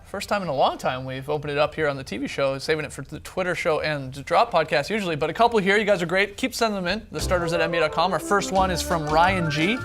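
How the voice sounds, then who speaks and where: Man, high-pitched, sports show host, playful banter, music underneath. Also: fast talker, few pauses. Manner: playful, laughs often, animated.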